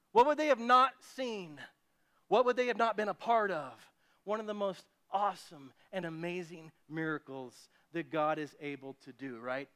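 A man preaching a sermon as pastor, animated, often acting out the voices of people he quotes. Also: on the high side.

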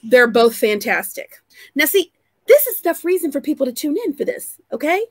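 A woman hosts a chatty vlog, gushing and laughing as she talks. Her voice sits high and swoops up and down all the time. The sound is dry and close. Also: a little fast, no echo. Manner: excitable, gushing, laughs often. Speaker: vlog host. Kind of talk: casual chat on a live vlog.

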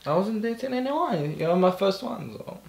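A young man, the host's fiancé, answering softly and briefly in a casual chat. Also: high-pitched, very animated, normal speed, creaky. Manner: soft-spoken, short replies.

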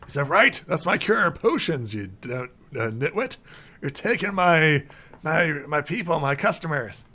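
Guy voicing a crazy grumpy potion maker, yells and accuses, loud and pitched up. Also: animated, a little slow, heavily acted. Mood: ranting. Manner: blustering, paranoid, shouty. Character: cranky half-mad male alchemist.

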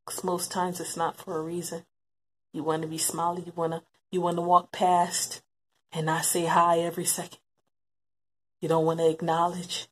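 A woman's voice: fairly low pitch, monotone, normal speed, slightly rough. A woman giving emotional personal testimony about her brother, reflective and repeating phrases for emphasis. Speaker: interviewee recalling her brother.

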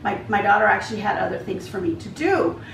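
A woman's voice: medium pitch, fast talker, vocal fry. A woman vlogger casually telling a storytime anecdote, retelling the back-and-forth and acting out the other people's lines as she goes. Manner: animated retelling, acts out dialogue. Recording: echoey room, voice a bit far from mic, faint background hum.

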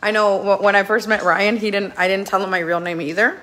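A woman's voice: mid-range voice, fairly even intonation, fairly quick, fairly bright tone. A woman in her thirties chatting casually to camera at home, laughing often and slipping into Spanish with her kids. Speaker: vlogger and mother. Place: family home.

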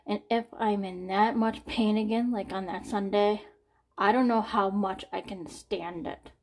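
A woman in her forties talking candidly in a personal vlog. She sounds anxious and near tears, and her speech is halting, with sighs, swearing and repeated words. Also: mid-range voice, fairly even intonation. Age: 40s. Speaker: vlogger.

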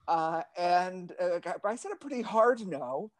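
A man's voice: sits high, animated, normal speed, hardly any pauses, no room sound. Wry, digressive man on a video call. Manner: thoughtful, digressive, wry and self-deprecating. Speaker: librettist and translator. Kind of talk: casual conversation over a video call.

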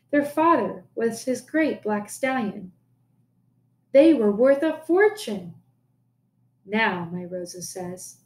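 A woman teacher reading a folk tale aloud for a listening lesson, with clear, careful pacing. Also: medium pitch, a little mellow. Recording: echoey room.

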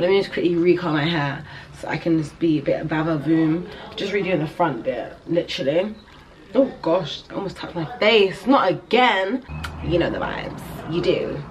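A young woman with a British accent, chatting upbeat to her viewers in a casual vlog. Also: on the low side. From England. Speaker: vlogger.

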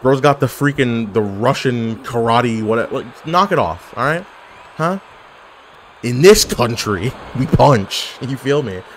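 Animated man reacting to an online game. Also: medium pitch, unhurried, a little hiss or hum. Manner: animated, yelling at the game, joking. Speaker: gaming YouTuber. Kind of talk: casual gameplay commentary.

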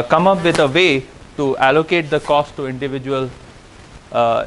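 A man giving a university lecture, explaining step by step with frequent "uh" and "okay" pauses. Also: mid-range voice, slight background noise, rough recording. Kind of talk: classroom lecture on game theory.

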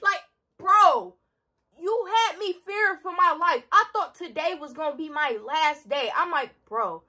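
A teenage girl vlogger telling a story in a dramatic, slangy, animated way. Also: very high-pitched, unhurried. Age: teens. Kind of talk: storytime vlog.

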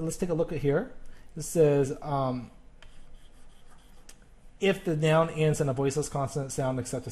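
A male teacher with a warm, mellow, mid-range voice talks through a recorded grammar lesson. He explains haltingly, restarting sentences and filling pauses with "um" and "uh."

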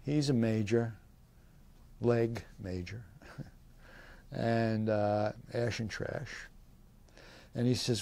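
Gravelly-voiced old man telling stories. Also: lowish voice, fairly even intonation, drawn-out words, long pauses, mellow, dry recording. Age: 80s. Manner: rambling storytelling with many fillers and laughs; voices quoted people in livelier tones. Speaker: veteran interviewee. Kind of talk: oral history interview.

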